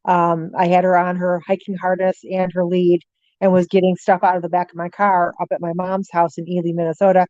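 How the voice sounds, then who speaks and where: A middle-aged woman, a guest on an interview show, telling lively stories, voicing animals' thoughts and dropping frequent ums. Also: fairly low pitch, brisk, dry recording, dull audio. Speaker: guest, paranormal author. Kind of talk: casual storytelling interview.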